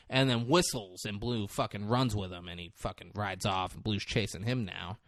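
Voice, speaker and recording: A man's voice: on the low side, normal speed, hardly any pauses, no echo, studio quality. A young man co-hosting a podcast, recapping a movie in casual chat, acting out lines with lots of swearing and laughter. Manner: animated storytelling, acts out lines, swears, laughs. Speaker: podcast co-host.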